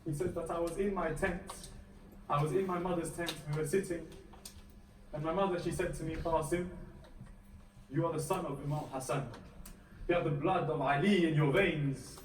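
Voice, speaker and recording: A man tells a sermon story in a high voice, building to an impassioned, strained pitch. He sounds far from the microphone in an echoey hall. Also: fairly even intonation, normal speed, long pauses. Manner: rising to an impassioned, strained delivery. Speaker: lecturer. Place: mosque hall.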